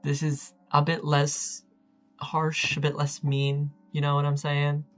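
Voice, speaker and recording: A man's voice: fairly high pitch, monotone, slow, fairly bright tone, faint music behind. A man chatting casually while playing a text adventure, reading its lines aloud and joking about them in a self-mocking way. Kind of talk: casual let's-play commentary.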